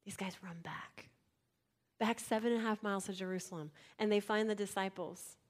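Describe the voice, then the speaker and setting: At a moderate pace and with fairly even intonation, a woman of medium pitch gives a conversational sermon. She addresses her listeners with direct questions, moving between loud emphasis and soft, almost whispered words.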